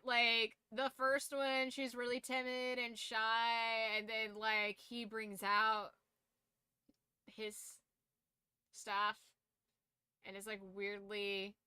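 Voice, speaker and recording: A woman's voice: fairly high pitch, bright, forceful tone, smooth, no room sound. A tired woman streamer chatting casually late at night, rambling loosely and swearing now and then.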